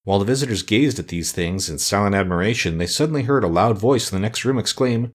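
A man reading a classic children's novel aloud as an audiobook narrator, measured and expressive. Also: fairly low pitch. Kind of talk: scripted storybook narration.

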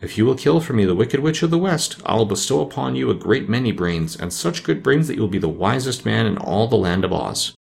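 A lovely, aloof winged fairy lady, put on by a male reader, bargaining coolly in a raised, gravelly voice. Her pitch rises and falls widely. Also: expressive, a little fast, few pauses.

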